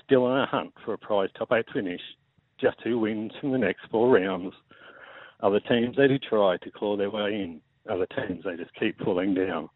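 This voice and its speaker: An Australian caller in his forties reads out a rhyming verse in a steady, measured beat. His voice sits fairly low and dry, squeezed through a tinny phone line. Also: no echo. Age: 40s. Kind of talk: reciting a rhyming poem over the phone.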